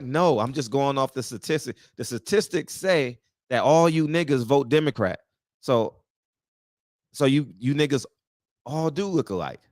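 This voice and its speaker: A man's voice: medium pitch, expressive, moderate pace, no echo, clean studio sound. A man hosting a casual talk show, speaking bluntly and profanely, often laughing at his own jokes. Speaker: podcast host.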